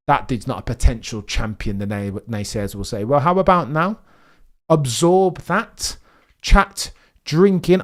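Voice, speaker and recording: A young man hosting a live race watchalong stream, chatting excitedly to his viewers. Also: mid-range voice. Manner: excitable, chatty, talks straight to chat. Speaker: livestream host watching a race.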